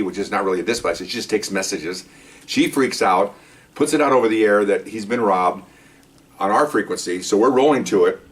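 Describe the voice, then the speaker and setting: An older man, a retired police supervisor, telling a cop story in a casual monologue and loudly acting out his own past lines. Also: lowish voice, recorded from a distance. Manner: animated, acts out his own yelling in quoted lines.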